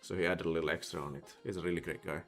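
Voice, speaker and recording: A man's voice: deep voice, steady tone, rapid-fire, faint music behind. A man from Sweden with a Swedish accent, chatting casually on a live stream, rambling with lots of fillers as he thinks aloud. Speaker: livestreamer.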